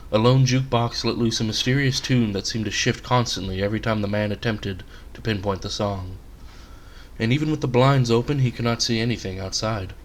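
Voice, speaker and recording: A man reading aloud his own short story, in a relaxed, conversational storytelling manner. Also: lowish voice, a little hiss or hum.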